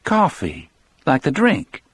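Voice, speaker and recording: Man putting on a high-pitched dying old woman, hoarse and childlike, thin and husky, slow and lingering, storybook reading. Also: huge pitch swings, exaggerated voice. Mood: wondering. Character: frail dying older woman, sick in bed. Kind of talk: audiobook character voice.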